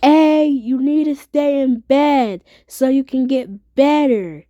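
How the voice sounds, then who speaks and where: A woman's voice: high voice, slow, dark tone, no echo, lo-fi sound. A woman voicing a caring mother who tells her sick child to stay in bed, in a toy play story. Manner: soothing, caring.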